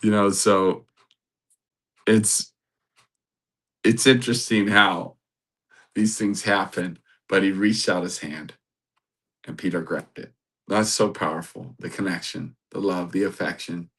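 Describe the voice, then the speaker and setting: A man hosting a podcast, giving a sermon-like Bible talk, animated and laughing often. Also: deep voice, measured pace, pauses often, husky. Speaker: podcast host.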